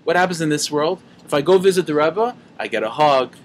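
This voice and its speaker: A man's voice: fairly high pitch, lively intonation, a little fast, a little hiss or hum, lightly acted. A man acting out a tipsy, bold male jester who pleads earnestly with his rebbe. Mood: enthusiastic.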